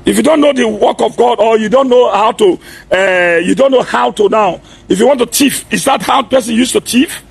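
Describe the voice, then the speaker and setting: High, gravelly preacher shouting. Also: male voice, moderate pace. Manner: forceful, repeatedly shouting and demanding "are you hearing me". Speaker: pastor. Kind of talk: impassioned warning address.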